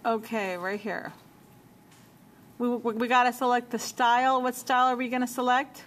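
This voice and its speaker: A woman teacher walking a class through a software task step by step, repeating menu names as she checks her work. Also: a little high, flat delivery, normal speed, slight background noise. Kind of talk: software tutorial walkthrough.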